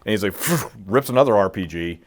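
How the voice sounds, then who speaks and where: A man's voice: fairly low pitch, a little fast. A middle-aged man telling a war story in a casual interview, acting out quotes and swearing freely. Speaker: guest, military veteran.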